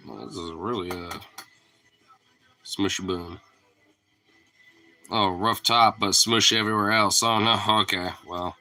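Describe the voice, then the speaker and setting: A man's voice: deep voice, fairly even intonation, a little slow, long pauses, sharp tone. A man talking to his dog in a casual vlog, teasing and playful, and swearing freely. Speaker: dog owner.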